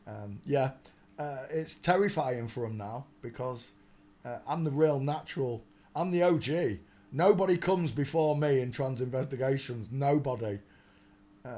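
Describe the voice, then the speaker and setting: A man's voice: mid-range voice, moderate pace, warm tone. A man hosting a casual live stream, rambling, mocking and often breaking into laughter.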